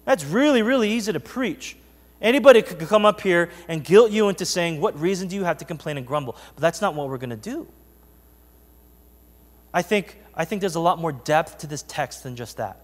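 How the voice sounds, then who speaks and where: Male pastor, earnest conversational sermon, slightly high voice, long church reverb. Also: animated, moderate pace. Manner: earnest, conversational preaching with scripture reading. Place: church sanctuary.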